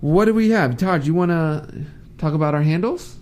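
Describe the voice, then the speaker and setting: A man's voice: a little high, moderate pace. Laid-back man hosting a radio show. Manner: relaxed, laughs easily, teasing. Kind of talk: live talk radio chat. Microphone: studio mic.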